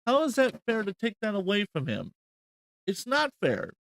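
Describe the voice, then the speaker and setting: A man's voice: sits high, wildly swooping pitch, moderate pace, gravelly, fairly bright tone, no echo. A man hosting a reaction commentary, rambling and incredulous, swearing often. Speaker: host.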